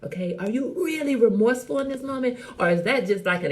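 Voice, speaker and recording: Animated middle-aged woman, lively teasing talk. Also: sits high, quick pace, hardly any pauses. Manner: animated, teasing, talks to viewers by name. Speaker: host. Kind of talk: casual livestream chat.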